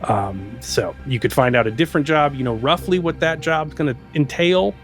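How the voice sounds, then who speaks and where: A man running a tabletop game as game master, explaining rules in a relaxed way and laughing often. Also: fairly high pitch, normal speed, soft background music.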